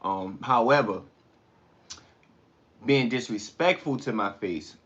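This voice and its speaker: A man's voice: mid-range voice, takes it slowly, fairly bright tone, muffled recording. A man hosting a casual live stream, eating while he talks back to comments in a rambling, blunt way. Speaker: livestream host.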